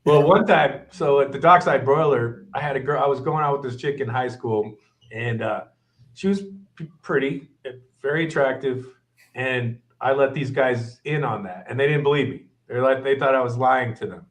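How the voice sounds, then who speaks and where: A man's voice: mid-range voice, normal speed. Profane middle-aged man telling kitchen stories. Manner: profane, animated, acts out quoted chefs. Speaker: guest chef. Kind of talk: casual kitchen storytelling.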